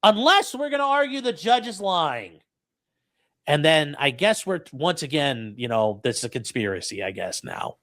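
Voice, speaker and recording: A man hosts a legal commentary stream as a lawyer covering a court case, reading court records aloud to his chat and ranting about them with profane sarcasm. His fairly high, fairly bright voice is very animated at a normal speed. The sound is studio quality with no room sound.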